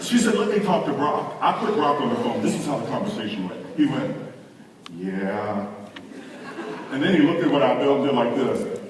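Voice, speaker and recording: A man giving an animated comic storytelling speech to a live audience in a large hall. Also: mid-range voice, fast talker, recorded from a distance, a crowd in the background. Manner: animated, rising to mock outrage. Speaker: conference speaker. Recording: echoey hall, speaker heard from afar.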